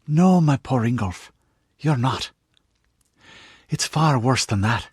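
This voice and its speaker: A man voicing a wise, gentle but firm mother and priestess, speaking tenderly in an audiobook. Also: medium pitch, animated, slow pace, slightly rough, no room sound, studio quality, pitched above the performer's own voice. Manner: soft, tender, knowing.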